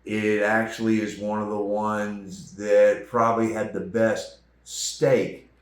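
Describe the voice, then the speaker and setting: A man hosting a travel vlog, chatting casually about restaurants in a relaxed, rambling way. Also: on the low side, takes it slowly, roomy sound. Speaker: host. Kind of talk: casual chat reviewing restaurants.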